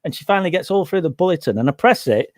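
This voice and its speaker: A man, a radio presenter, telling an animated anecdote and laughing as he goes. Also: high voice, very fast, dry recording, clean studio sound. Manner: animated, laughs through his story, mimics others. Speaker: quiz co-host and radio presenter.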